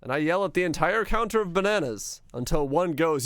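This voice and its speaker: A man's voice: on the high side, lively intonation, brisk, fairly bright tone, smooth, no echo. A young man streaming a game, rambling and joking to himself and humming nonsense tunes in casual chatter. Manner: hums and sings nonsense tunes.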